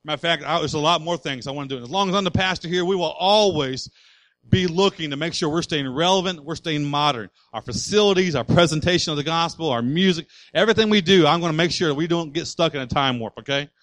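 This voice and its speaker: A male pastor preaching a sermon with passion, building up to loud declarations. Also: on the high side, fast talker, dry recording, low-quality recording.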